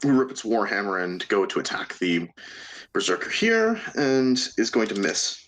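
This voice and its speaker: A man with a fairly low voice narrates a tabletop game as its game master. He stumbles through restarts and fillers and breaks into laughter often, while soft music plays underneath. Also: huge pitch swings, normal speed.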